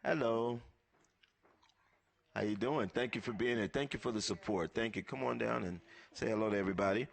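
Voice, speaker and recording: A man's voice: lowish voice, fairly quick, vocal fry, long pauses. A man emceeing a live event, thanking sponsors and calling guests up one by one in an upbeat way.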